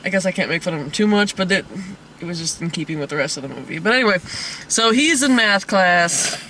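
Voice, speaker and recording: Bright-voiced man recapping a movie. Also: high-pitched, expressive, fast talker, a little hiss or hum. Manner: rambling, laughs often. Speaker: host of a movie review podcast. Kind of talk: casual comedic movie review.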